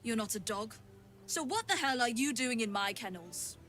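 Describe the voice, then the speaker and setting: An actress playing an impatient, sharp-tongued woman kennel keeper in a video game, scolding curtly and with exasperation. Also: a little high, expressive, moderate pace, soft background music. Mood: exasperated.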